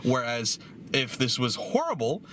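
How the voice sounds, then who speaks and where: A young man giving his casual take on a film, animated and quick to slip into mocking voices as he acts out lines. His voice sits at an ordinary pitch for a man. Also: a little hiss or hum. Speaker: podcast co-host. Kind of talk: casual movie review chat.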